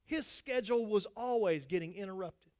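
A man preaching a sermon to his congregation as pastor, swinging between loud exhortation and quiet asides. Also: high-pitched, normal speed.

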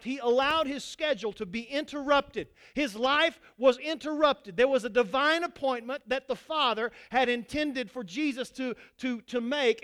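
A man preaching a sermon to his congregation as pastor, swinging between loud exhortation and quiet asides. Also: very high-pitched, smooth.

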